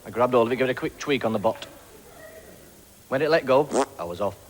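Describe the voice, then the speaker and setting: A man from Blackpool with a Lancashire accent, doing a stand-up comedy routine of quick, punchy one-liners. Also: medium pitch, lively intonation, a little hiss or hum. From Blackpool, England.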